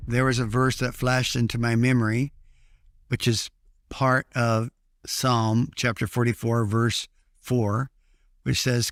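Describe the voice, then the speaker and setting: A man giving documentary testimony about being held hostage, speaking in a sober, measured way. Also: medium pitch. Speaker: former hostage recounting captivity. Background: faint music.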